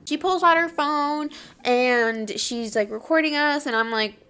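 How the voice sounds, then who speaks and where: A young woman hosting her own podcast, recounting a story with gushing excitement and a constant stream of "like". Her voice sits a little high for a woman. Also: unhurried. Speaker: podcast host. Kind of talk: casual storytelling.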